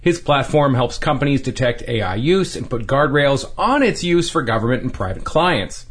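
A man reporting a news story for radio, with clear, measured scripted narration. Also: medium pitch, big pitch swings.

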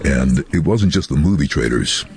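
A middle-aged man who works as a voiceover artist, telling animated anecdotes in an interview with a very deep, husky voice. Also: moderate pace, no room sound, soft background music. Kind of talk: casual storytelling in an interview.

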